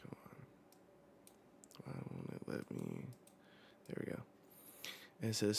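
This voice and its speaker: A man hosting a live manga reaction, reading the panels and dialogue aloud with slow, dramatic emphasis. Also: on the low side, huge pitch swings, creaky, slight background noise.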